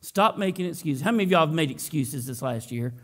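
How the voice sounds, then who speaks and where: A man's voice: on the high side, animated, a little fast. A man preaching a sermon as pastor, opening with a prayer and tossing folksy jokes to the congregation in a church sanctuary. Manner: folksy, joking asides to the congregation.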